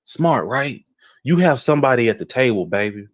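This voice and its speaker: A man from Houston, Texas, co-hosting a casual chat and telling animated, rambling anecdotes, often checking in with "okay?". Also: medium pitch, normal speed, dry recording. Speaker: podcast co-host.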